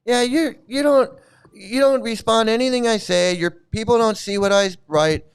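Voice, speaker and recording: A man's voice: very high voice, moderate pace, clean tone. Man on a heated, profane rant. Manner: heated, profane, repetitive ranting. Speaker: channel host. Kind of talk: angry ranting vlog commentary.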